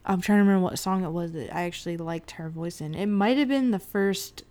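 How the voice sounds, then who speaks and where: Brief: woman co-host, lower pitch, opinionated, talks singing technique in relaxed chat. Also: fairly quick. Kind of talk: casual chat.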